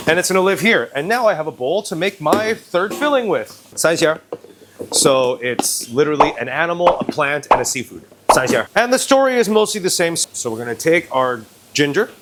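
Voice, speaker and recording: A man's voice: on the high side, lively intonation, fairly quick, very noisy. A young man from China hosting a casual cooking demonstration, blunt, joking and often profane as he explains each step. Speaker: chef and cooking video host. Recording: music playing underneath.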